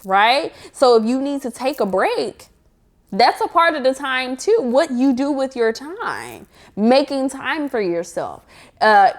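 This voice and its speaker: A young woman with an African American English accent speaks to camera in a relaxed advice-giving vlog. Her voice sits a little high, and she is animated and playful. She breaks into sassy, sing-song interjections as she acts out everyday scenes. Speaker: vlogger giving life advice. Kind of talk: casual advice talk to camera.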